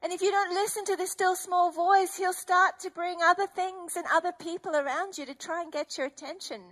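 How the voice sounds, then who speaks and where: A woman's voice: very high-pitched, fairly even intonation, a little fast, fairly bright tone. A middle-aged woman preaching an emotional, earnest testimony sermon. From Australia.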